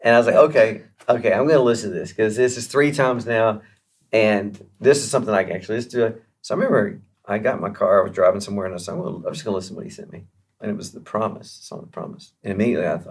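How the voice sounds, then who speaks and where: Gravelly low-voiced man telling a story. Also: racing. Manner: chatty, animated, lots of fillers and restarts. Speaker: guest musician. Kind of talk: casual interview storytelling.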